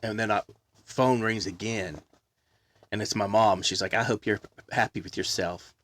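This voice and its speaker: A man telling a long story in casual chat, loud and animated, belting out quoted songs. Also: fairly low pitch, moderate pace, dry recording.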